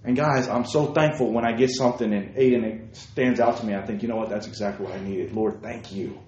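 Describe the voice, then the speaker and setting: A man preaching a sermon to young people, lively, calling listeners by name and asking them questions, swinging from loud outbursts to hushed asides. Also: fairly low pitch, fast, echoey room, dull audio, slight background noise. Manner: addresses listeners by name, asks rhetorical questions. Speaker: youth preacher.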